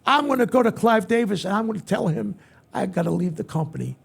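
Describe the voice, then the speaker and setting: An older man spins animated stories as an interview guest. His voice sits high for a man and is heavily gravelly. It is husky rather than clear. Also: fast. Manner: lively, acts out other people's lines. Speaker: guest entertainer. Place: event venue interview set.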